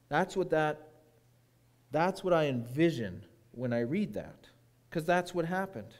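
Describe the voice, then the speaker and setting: Guy preaching, highish voice, storytelling sermon, goes quiet for effect. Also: expressive, a little slow. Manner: dramatic storytelling, dropping to a hushed voice at key moments. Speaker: guest preacher.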